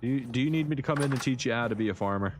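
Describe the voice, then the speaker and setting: A man's voice: medium pitch, very fast, faint music behind. A man streaming a survival game live, chatting and joking at the characters. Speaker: livestreaming gamer. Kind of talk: live gameplay commentary.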